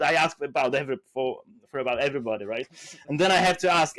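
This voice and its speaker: A man telling business stories as a podcast guest, acting out dialogue with lively jumps and frequent restarts. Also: quick pace. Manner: animated, acts out quoted dialogue with big pitch jumps; many restarts and fillers, non-native phrasing. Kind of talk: casual interview storytelling.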